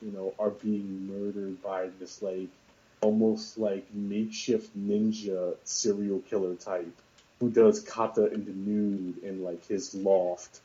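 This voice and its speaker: A man's voice: lowish voice, level tone, slow pace, dark tone. A man chatting casually about films on a podcast, rambling with lots of fillers and restarts. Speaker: podcast co-host discussing films. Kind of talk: casual chat. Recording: dull lo-fi sound.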